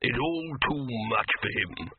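A scheming wizard grumbles in a slow, conspiratorial tone, as a male reader puts him on. His voice is husky and swings between high and low. It has a phone-like band. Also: lively intonation, no echo. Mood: grumbling.

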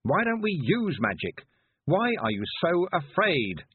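A man voicing a fierce young girl witch in a storybook reading, indignant and demanding in a husky voice. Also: high-pitched, sing-song, measured pace, pitched above the performer's own voice, heavily acted. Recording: dry, phone-like narrow sound.

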